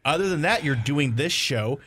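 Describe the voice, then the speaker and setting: A man's voice: on the high side, animated, moderate pace, fairly bright tone, breathy edge, dry recording, clean studio sound. A man, the show's producer, talking bluntly and defensively in casual banter.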